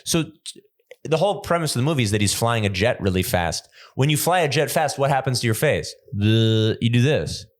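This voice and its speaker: Young male comedian host, mid pitch, loose rambling podcast storyteller. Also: fairly quick. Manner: rambling, animated storytelling with frequent restarts. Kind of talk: casual comedic chat.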